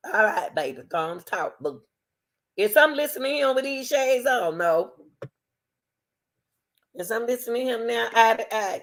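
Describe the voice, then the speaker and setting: A woman's voice: mid-range voice, sing-song, normal speed. A woman, hosting her channel and talking casually to camera, playful and teasing, laughing often and calling people baby and sweetie. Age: 60s. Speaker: channel host.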